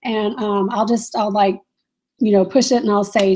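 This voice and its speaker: Woman, reseller live-stream host, casual chat, rambling with fillers, laughs often, mellow tone. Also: mid-range voice, fairly even intonation, normal speed.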